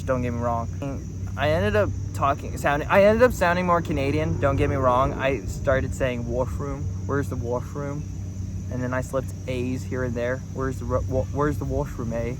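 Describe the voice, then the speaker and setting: A man's voice: mid-range voice, background noise. A young man from New Mexico with an American accent, telling a personal story in a rambling, self-correcting way. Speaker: vlogger. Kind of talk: casual talk to camera.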